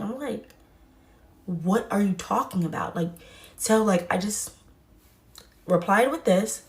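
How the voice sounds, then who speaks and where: A woman's voice: medium pitch, measured pace, pauses often. A young woman from Texas telling a personal story in a casual way, acting out the quoted dialogue. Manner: animated, acts out quoted dialogue.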